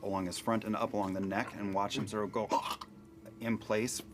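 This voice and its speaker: Man, lowish voice, flat delivery, music behind. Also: brisk. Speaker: player.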